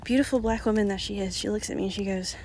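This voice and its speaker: A woman's voice: medium pitch, fairly even intonation, fast talker. A woman with a mid-range voice tells her own story straight to her viewers. She is frank and swears freely. She drops to a near-whisper, then comes back up with emphasis, over a faint background hiss. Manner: frank and profane, drifting between hushed and emphatic. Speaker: oracle card reader and vlogger. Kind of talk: candid personal storytelling.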